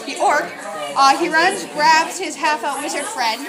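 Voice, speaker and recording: A young woman narrating as game master of a tabletop game, casual and halting, often breaking into laughter. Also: high voice. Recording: loud crowd chatter and music behind.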